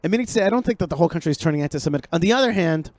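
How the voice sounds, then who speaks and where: A man hosting a podcast conversation, animated and joking, often repeating his words as he goes. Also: on the high side, racing, dry recording. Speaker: show host.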